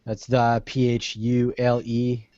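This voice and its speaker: A man's voice: medium pitch, completely flat delivery, slow pace, dark tone, dry recording, dull audio. A man co-hosting a casual podcast who makes short, wry remarks. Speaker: podcast co-host. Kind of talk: casual chat.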